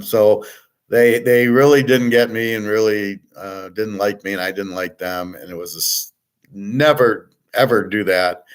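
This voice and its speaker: A middle-aged man hosting a show, talking in a blunt, ranting, opinionated casual monologue. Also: lowish voice. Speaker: sports picks and finance show host.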